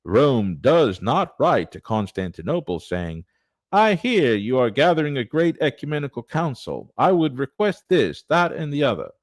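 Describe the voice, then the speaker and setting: A man's voice: big pitch swings, normal speed, no echo. A man voicing an older English male priest-scholar in a clumsy put-on English accent, lilting and matter-of-fact. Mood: lecturing. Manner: lilting, raised pitch, self-admittedly clumsy accent.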